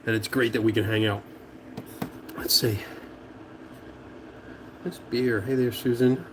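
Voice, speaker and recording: A man's voice: fairly low pitch, unhurried, long pauses, a little hiss or hum. A man from Philadelphia hosting a casual livestream from his garage, chatting, laughing often and reading out viewer comments. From Philadelphia, USA. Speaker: livestream host. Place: home garage.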